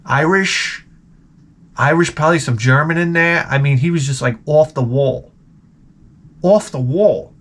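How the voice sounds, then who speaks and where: Speaking a little slowly with long pauses, this vlogger has a higher-pitched, somewhat bright male voice. His storytelling is profane and comic, full of rambling detours, frequent laughter, and acted-out dialogue.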